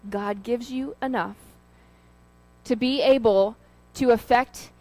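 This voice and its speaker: A woman's voice: fairly high pitch, takes it slowly, a little mellow, low-quality recording. A woman giving an informal sermon, talking in a conversational, storytelling way with fillers and asides. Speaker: lay preacher.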